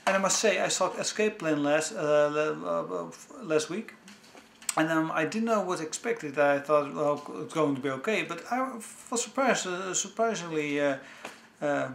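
A man chatting casually about films he owns, talking with enthusiasm in a halting way full of restarts. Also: fairly high pitch, animated, vocal fry, a bit bright, a little hiss or hum. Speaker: movie vlogger. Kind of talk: casual home-video review. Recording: echoey room.

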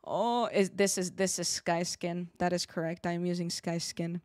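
A woman streaming a game live, chatting with her viewers in an excitable, giggly way. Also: fairly low pitch, moderate pace, no echo, clean studio sound. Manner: excitable, giggly, talks to chat.

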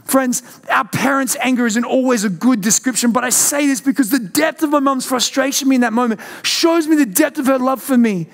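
A young man preaching a church sermon with passion, moving between loud outbursts and hushed questions. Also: extremely high pitch, a little fast, hardly any pauses. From Australia. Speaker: pastor.

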